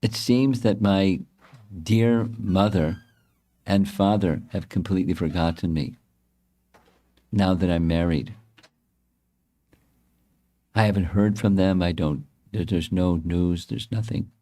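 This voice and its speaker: A man's voice: low-pitched, steady tone, slow, pauses often, warm tone. A man voicing a homesick young goddess. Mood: longing, tearful. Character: young homesick married goddess, tearful, longing for her parents.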